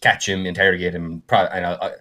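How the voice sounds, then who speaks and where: A man co-hosting a podcast recounts a game he ran, telling the story casually and with lots of animation. He leans heavily on filler words and breaks into quick bursts of higher pitch.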